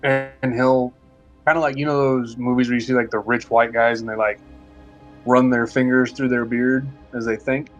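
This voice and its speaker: A man's voice: medium pitch, level tone, normal speed, highs cut off, faint music behind. A man playing a tabletop game, describing his character's actions in casual, playful narration. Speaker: player.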